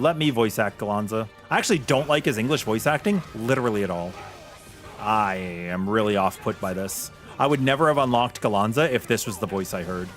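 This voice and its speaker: A man's voice: fairly low pitch, fairly bright tone. A man streaming a video game, chatting casually with his viewers and sharing blunt opinions. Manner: chatty and opinionated, reacting to chat. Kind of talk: casual live-stream chat.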